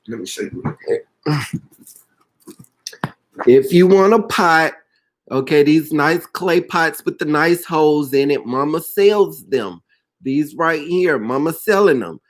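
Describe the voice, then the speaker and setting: Give me a woman chatting on a live stream, effusive and affectionate, calling viewers by name and praying out loud. She talks slowly, and her voice carries a roomy echo. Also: low voice. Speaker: orchid pot seller hosting a live video. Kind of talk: casual live-stream chat.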